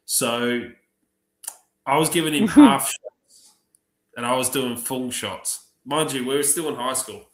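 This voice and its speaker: A man telling profane, lively stories on a livestream, acting out the other people's lines. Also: medium pitch, a little slow. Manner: profane, animated anecdotes acting out other voices. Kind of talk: casual storytelling on a livestream. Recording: roomy echo.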